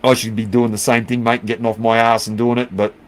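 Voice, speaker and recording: A middle-aged man with an Australian accent hosts a relaxed stream, reading out viewer messages one by one. He talks at an ordinary pitch in a blunt, easygoing way, swearing freely and calling everyone mate. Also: fast talker. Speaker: livestream host. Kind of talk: casual chat reading out viewer comments.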